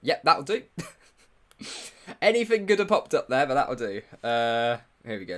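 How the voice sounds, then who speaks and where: A man's voice: medium pitch, very animated, unhurried, pauses often, a bit bright. A young man hosting a casual live stream, greeting viewers in the chat and making self-mocking asides while he sets up. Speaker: livestream host.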